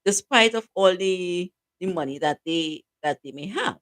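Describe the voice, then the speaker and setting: A woman co-hosting a casual talk show, her voice bright and clear. Her pitch swings widely as she gives advice and teases her partner. She laughs easily. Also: normal speed. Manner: bright, lively, laughs often, teasing.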